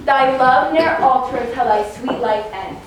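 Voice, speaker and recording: A woman playing a modest young noblewoman in love on stage, with gentle, earnest delivery. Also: high-pitched, measured pace. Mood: tender. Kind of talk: live stage acting. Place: theater stage. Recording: echoey theater from far off, background noise.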